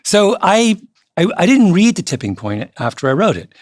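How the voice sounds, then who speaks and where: A man's voice: high voice, big pitch swings, moderate pace, no echo, studio quality. A man who is a guest on a podcast, telling stories in a casual conversational way. He laughs often and acts out the voices of the people he quotes.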